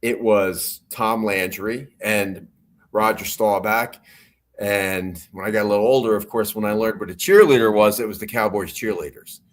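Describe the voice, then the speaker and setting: A man's voice: lowish voice, normal speed, slight background noise. A middle-aged man from New Jersey, a podcast guest who tells stories in a rambling way, full of restarts and chuckles. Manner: rambling storyteller with restarts and laughs. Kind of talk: casual podcast chat.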